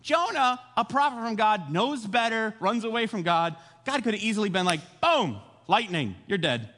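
Animated young male preacher in a reverberant hall. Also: high-pitched, moderate pace, slight background noise. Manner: animated storytelling, acts out voices in quotes. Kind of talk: casual sermon retelling a Bible story.

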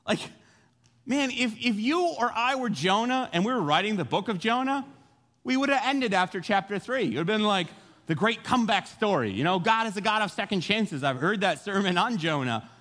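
A male pastor preaching a sermon, telling the story in a jokey, animated way and acting out voices. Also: sits high, fairly quick, long reverb tail.

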